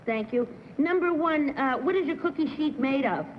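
A woman on a game show panel, asking quick-fire questions in a crisp, businesslike way. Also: sits high, lively intonation, a little hiss or hum. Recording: dull 1960s TV broadcast, hall reverb.

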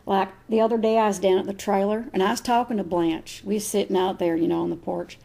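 A woman's voice: mid-range voice, steady tone, fast, creaky, mellow. A woman voicing a chatty, gossipy trailer-park woman who rambles ungrammatically.

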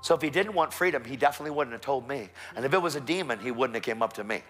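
A man's voice: mid-range voice, rapid-fire, faint music behind. A man with a Texan accent preaching a sermon in a church, telling stories animatedly and acting out the voices of the people in them. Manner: animated storytelling with quoted voices. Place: church sanctuary.

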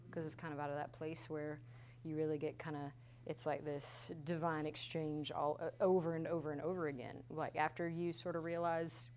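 A woman worship leader in her thirties giving a candid, animated teaching talk at a church conference. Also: low-pitched, slight background noise. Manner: candid, animated storytelling with laughs.

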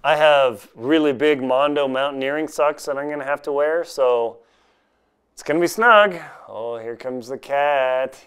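Self-deprecating and chatty, a man unboxes and reviews gear in a home vlog, laughing at his own jokes. His medium-pitched voice is unhurried, clear and resonant, with a fairly bright tone.

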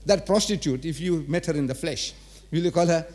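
Male lecturer, teasing and rhetorical with a live crowd, voice pitched a bit high. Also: brisk, darkish tone. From South Africa. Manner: rhetorical, quizzes and teases the audience. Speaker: religious lecturer. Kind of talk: religious lecture to a live audience. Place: large auditorium.

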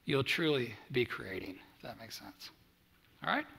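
A man's voice: mid-range voice, animated, moderate pace, creaky, very noisy. A middle-aged man giving a motivational speech to student athletes, telling stories and acting out quoted dialogue. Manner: storytelling, acts out quoted dialogue. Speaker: keynote speaker. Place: large hall at a summit. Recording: echoey hall.

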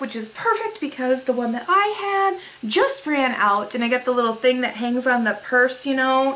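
A woman's voice: fairly high pitch, a bit bright. A young woman vlogger unboxing mail, gushing with gasps and breathless exclamations as she shows each item. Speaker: beauty vlogger.

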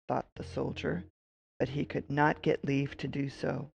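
Audiobook reader telling an old fairy tale, gravelly voice, middle pitch, measured pace. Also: flat delivery. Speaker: audiobook narrator. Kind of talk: scripted fairy tale narration.

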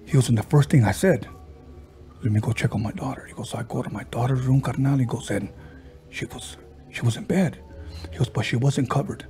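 A male podcast host with a warm, dark voice settles into a casual ghost story. He jumps between narration and his friend's quoted words, stumbling and restarting along the way. Faint music plays behind him. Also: medium pitch. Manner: halting, with frequent restarts and fillers.

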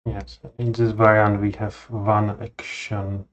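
A man hosting a board game session, introducing the game and then chatting through the moves in careful, unhurried phrases. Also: lowish voice, level tone. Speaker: board game channel host. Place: home, recording over a digital tabletop. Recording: dull lo-fi sound.

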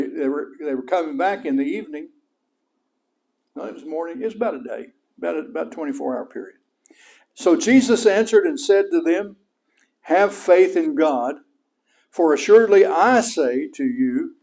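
A middle-aged man with a West Texas accent preaching a sermon as pastor, folksy and animated, his voice rising high for emphasis.

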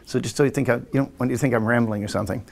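A man's voice: mid-range voice, steady tone, very fast, gravelly, darkish tone. A man in his sixties from England, hosting a podcast and telling rambling stories about his childhood in a casual way while acting out family voices. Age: 60s. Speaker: podcast host and hypnotist. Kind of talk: casual storytelling.

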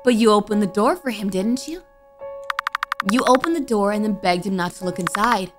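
A woman voicing a child's sinister monster double, speaking in a low, measured, taunting way as she reads a game's dialogue. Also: over music, close to an everyday voice. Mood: accusing.

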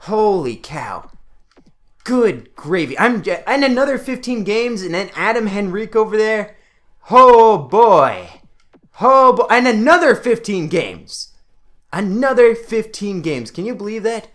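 A young man, giving excitable pack-opening commentary over a hockey video game. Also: high-pitched, measured pace. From Canada. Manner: excitable, yelps and laughs at pulls. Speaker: gaming video creator.

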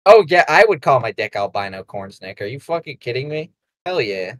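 A young man hosting a podcast, rambling and excitable in crude casual banter, laughing often. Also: medium pitch, fairly quick, dry recording. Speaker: podcast host.

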